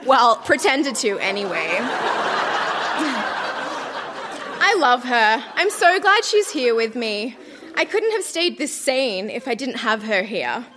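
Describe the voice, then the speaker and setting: A woman's voice: sits high, a bit bright, slight background noise. A young woman on a theater stage reading her teenage diary aloud in a melodramatic way, often breaking into laughter. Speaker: reader at a live storytelling show.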